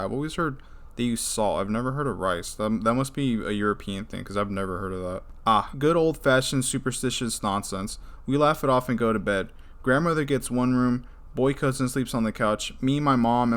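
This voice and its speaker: Young male storyteller, laid-back reading with chatty tangents, average pitch. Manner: rambling asides, frequent restarts and filler. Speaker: reader of scary stories. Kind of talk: casual story reading with commentary.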